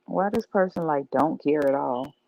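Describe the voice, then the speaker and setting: Woman, gravelly fry voice, frank, rambling casual chat. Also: deep voice, moderate pace, a little mellow, dry recording, low-quality recording.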